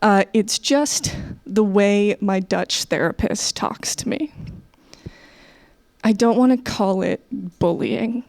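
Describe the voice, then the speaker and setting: A young American woman performing a stand-up comedy set, animated and playful, dropping into low confiding asides. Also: takes it slowly. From United States.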